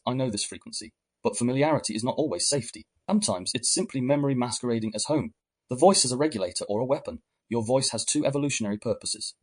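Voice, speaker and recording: Husky-voiced man, calm reflective narration. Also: medium pitch. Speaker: podcast narrator. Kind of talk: scripted narration.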